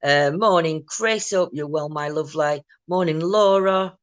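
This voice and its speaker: A woman hosting a casual morning livestream from home, chatting and greeting viewers by name, quick to burst into a big loud laugh. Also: sits low, no room sound, dull audio. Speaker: livestream host.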